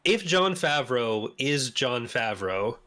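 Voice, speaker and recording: A Canadian man hosting a casual podcast chat, animated and laughing often, voice jumping up when he argues a point. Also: medium pitch, takes it slowly. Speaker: podcast host.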